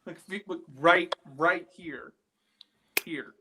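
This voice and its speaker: A man talking as a guest paranormal investigator on a live show, rambling and excitable as he tells stories from inside an old building at night. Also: fairly high pitch, slow, creaky, slight background noise. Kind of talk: casual live chat from an investigation site.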